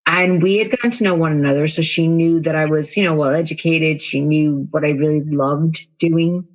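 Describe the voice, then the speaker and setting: A woman's voice: sits low, fairly even intonation, moderate pace, highs cut off. Candid woman telling her story. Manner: candid, self-deprecating, many fillers. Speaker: podcast guest, confidence coach. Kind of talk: casual storytelling in an interview.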